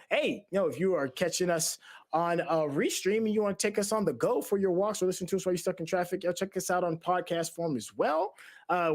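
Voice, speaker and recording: Energetic slangy guy hosting a podcast, kinda higher voice, doing shout-outs. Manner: hype, slangy, friendly. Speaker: podcast host. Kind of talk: casual show wrap-up and shout-outs.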